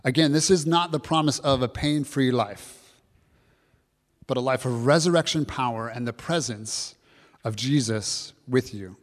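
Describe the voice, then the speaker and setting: A man's voice: mid-range voice, moderate pace, in a large hall. A man preaching an earnest Easter sermon to his congregation, often repeating key phrases. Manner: earnest, repetitive preaching, addresses kids and congregation. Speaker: pastor.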